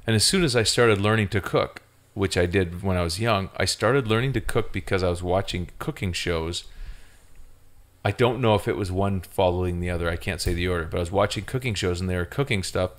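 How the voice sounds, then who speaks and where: A man's voice: deep voice, a little fast. A man telling rambling, playful stories in casual chat as a podcast co-host.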